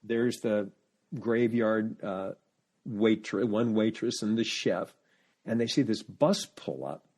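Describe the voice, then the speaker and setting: A man as a podcast guest, telling animated family anecdotes in casual chat and often restarting sentences as he searches for words. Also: lowish voice, slow, breathy edge.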